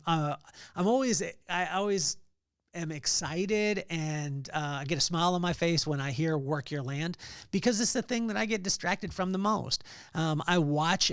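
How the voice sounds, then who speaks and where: Male podcast host, devotional talk, slightly high voice, dry booth sound, loose and conversational. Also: dry recording. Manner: conversational, storytelling with frequent fillers and restarts.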